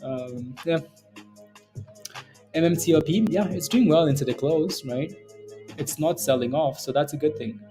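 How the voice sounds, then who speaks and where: A man hosts a live trading stream in a loose, chatty way, often breaking into chuckles as he talks to his chat. His voice sits a little high but sounds mellow and soft-edged. Faint music plays in the background. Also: moderate pace, long pauses. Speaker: stock trading livestream host. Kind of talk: casual live market commentary.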